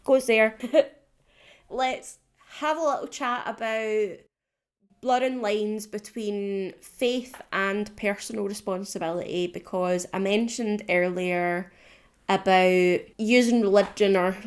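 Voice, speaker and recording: A woman's voice: mid-range voice, steady tone, slow pace, clear, resonant tone. A young woman hosting a solo podcast, talking candidly and rambling a little, laughing often and swearing casually. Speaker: podcast host.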